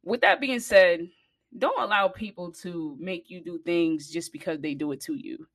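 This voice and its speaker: A woman with a lowish voice speaks to her viewers, recorded close and dry with no room sound. She tells the story casually and bluntly, swearing freely. When she gets worked up, her voice climbs and gets louder. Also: moderate pace, no room sound. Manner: blunt, profane and animated, rising in pitch and volume when heated. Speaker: vlogger.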